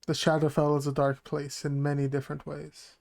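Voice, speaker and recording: A man's voice: on the high side, monotone, vocal fry, darkish tone. A man voicing a cryptic, blunt male teacher who speaks tersely and evades questions. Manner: terse, evasive, measured.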